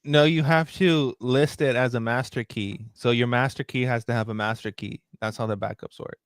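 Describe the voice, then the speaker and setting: A man's voice: mid-range voice, fairly even intonation, moderate pace, smooth, no echo, studio quality. A man on a casual crypto livestream, cutting in to correct others and crack jokes. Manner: interrupting, joking.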